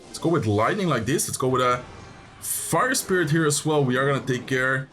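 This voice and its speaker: A young man giving live commentary on his gameplay, thinking aloud, excitable and talking straight to viewers. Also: medium pitch, moderate pace, slight background noise. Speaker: gaming commentator.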